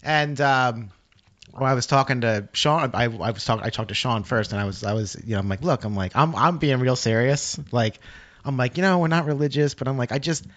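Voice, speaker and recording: A man in casual chat, telling a story in a halting way, often repeating his words. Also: medium pitch, a bit bright. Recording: dull lo-fi sound.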